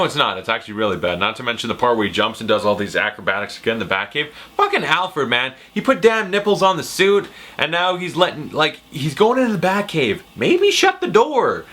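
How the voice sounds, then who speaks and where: A man's voice: medium pitch, bright, forceful tone. A man giving a casual, profane, ranting movie review. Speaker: film reviewer.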